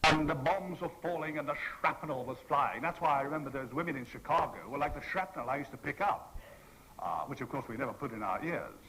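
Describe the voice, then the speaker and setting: Brisk and expressive, a man in his sixties entertains a convention hall audience with panel stories, playfully acting out whoever he quotes. His voice is fairly high and sharp in tone, heard through a rough recording with slight background noise.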